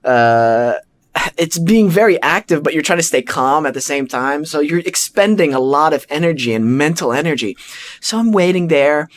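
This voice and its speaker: A male podcast host telling a story in a casual, animated way, acting out his own thoughts and filling gaps with "like" and "you know". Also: on the high side, normal speed. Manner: frequent "like" and "you know" fillers.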